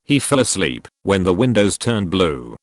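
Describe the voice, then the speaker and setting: A male audiobook narrator reads a script in a measured, expressive way, his low voice swinging up and down in pitch. The recording is dry and close with no room sound, like a small recording booth.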